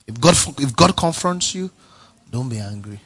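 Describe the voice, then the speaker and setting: A male pastor preaching a sermon, emphatic and repetitive, swinging from soft to near-shouting. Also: mid-range voice, animated, normal speed, breathy edge.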